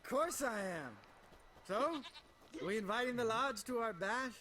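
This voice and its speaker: Brash, mocking monster hunter. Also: male voice, very high voice, lively intonation, a little slow, bright, forceful tone, slight background noise, full character voice. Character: sarcastic, crude male monster hunter, joking. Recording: game music under voice.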